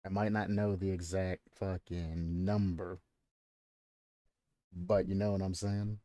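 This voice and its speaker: Low, dark-voiced man ranting casually. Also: flat delivery, slow pace, no echo. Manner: profane, ranting, repeats himself. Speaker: streamer. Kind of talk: casual ranting stream commentary.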